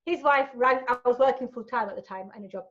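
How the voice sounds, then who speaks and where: A woman tells candid stories as an interview guest. She talks in an animated, frank way and swears freely, in a fairly high voice. The recording sounds a little dull and muffled. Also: quick pace. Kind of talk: candid storytelling in a casual interview.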